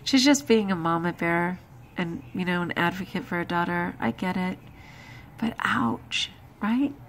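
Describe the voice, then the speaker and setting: A woman's voice: lowish voice, unhurried, slight background noise. An exhausted woman talking through her day in a chatty, emphatic personal vlog. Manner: chatty, emphatic, with frequent laughs and exclamations. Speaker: vlogger.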